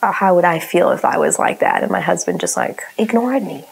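Soft-spoken mother with a gravelly voice. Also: lowish voice, expressive, a little fast, poor audio. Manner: soft, often dropping to a breathy half-whisper. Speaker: parent sharing a parenting tip. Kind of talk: casual reflective storytelling.

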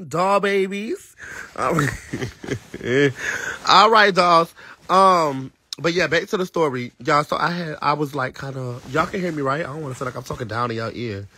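A man hosting a casual live stream. He talks in a sassy, animated way to his viewers, laughs often, and speaks into a phone mic. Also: fairly high pitch, brisk, hardly any pauses, husky. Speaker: livestream host.

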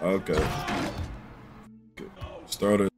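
A man's voice: low-pitched, steady tone, takes it slowly, darkish tone, soft background music. A man streaming a basketball video game, bluntly scolding his teammates over voice chat.

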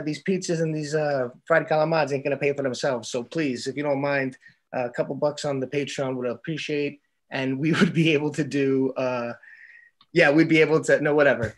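A man's voice: on the high side, lightly acted. A man putting on a New York accent to play a brash guy reading out podcast promos. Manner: fast-talking, loud.

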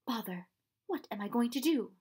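A woman's voice: fairly high pitch, animated, normal speed, darkish tone, slightly rough, voice pushed up. Woman doing a jolly eccentric old professor. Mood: cheerful. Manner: exuberant and blustering.

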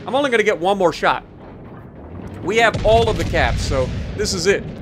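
A man's voice: high-pitched, expressive, moderate pace, a bit bright, slight background noise. A tired man in casual gameplay commentary, explaining his moves and joking about his mistakes as he plays. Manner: casual, self-deprecating, explanatory. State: tired, yawning. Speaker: gaming YouTuber.

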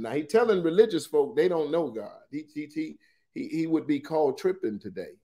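A man's voice: a little high, animated, moderate pace. Man teaching scripture with dramatic swings. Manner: dramatic scripture reading, shifts loudness and pace widely; colloquial, conversational asides. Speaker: Bible study teacher. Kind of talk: preaching Bible study.

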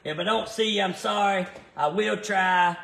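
A man's voice: high voice, normal speed, vocal fry, sharp tone. A man chatting casually on a livestream from his garage workshop, rambling with lots of fillers and greeting viewers by name. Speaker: race car builder livestreaming from his shop. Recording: roomy echoey shop.

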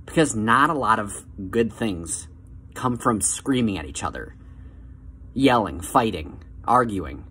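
A man giving calm, coaxing motivational advice straight to the viewer, slowing down on key phrases. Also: fairly low pitch, a little hiss or hum. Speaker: self-help vlogger.

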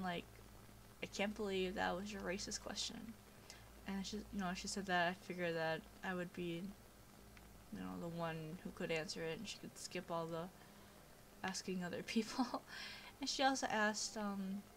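A young woman chatting casually over her gameplay, drifting between stories and what's on screen. She talks slowly at a middling pitch into a home computer mic. A faint hiss sits behind her. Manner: chatty and easily distracted, with frequent fillers. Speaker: gameplay commentator. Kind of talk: casual gaming commentary. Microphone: home computer microphone.

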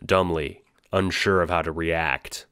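A man narrating an audio drama in the second person, moving between hushed dread and panicked cries. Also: sits low, fairly even intonation, a little slow, clean tone, no echo, clean studio sound. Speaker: narrator and voice actor.

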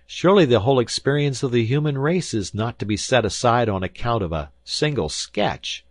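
A man's voice: fairly low pitch, expressive, moderate pace, dry recording, clean studio sound, voice pushed up. A man voicing a skeptical young journalist who argues earnestly and with disbelief. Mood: incredulous. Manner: earnest, incredulous.

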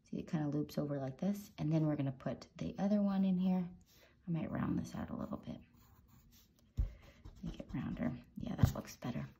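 A woman's voice: sits low, normal speed, dark tone, dull audio, slight background noise. A woman hosting a drawing tutorial, chatty and encouraging, with playful little sound effects while she sketches. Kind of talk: casual drawing tutorial narration.

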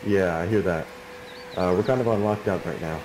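Male gate guard, very low voice, calm and apologetic, off-mic with noticeable background noise. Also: normal speed. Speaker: gate guard in a game roleplay. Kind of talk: in-game roleplay chat.

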